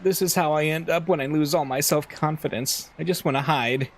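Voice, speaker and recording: Man playing shy crying young woman, whiny, high, sobbing, game reading. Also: fairly quick. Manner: sobbing, pleading, high-pitched.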